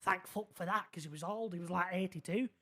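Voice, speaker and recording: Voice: mid-range voice, quick pace, bright, forceful tone. A streamer playing a naive, rambling young man, telling a long story in character and checking the listener is keeping up. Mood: earnest rambling. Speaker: roleplay character in a city game.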